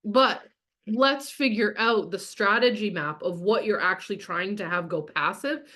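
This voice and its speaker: With a medium-pitched, fairly bright voice at a moderate pace, a woman business coach leads a live online masterclass. She's candid and casual, swears freely, reads out viewers' comments along the way, and fills her chatty talk with words like "like."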